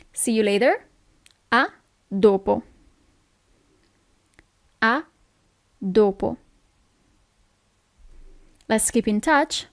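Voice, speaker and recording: A woman teaching beginner phrases, repeating each one slowly and checking in with her listeners. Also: on the high side, no echo. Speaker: Italian language teacher. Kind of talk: slow, clear phrase lesson.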